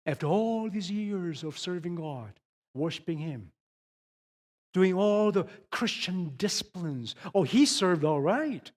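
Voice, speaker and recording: A middle-aged man preaches a sermon at an unhurried pace, his voice sitting a little high. He drops to a hush while telling stories, then builds to loud, emphatic repeated questions. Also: lively intonation. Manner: swings from hushed storytelling to rising emphatic questions. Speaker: pastor.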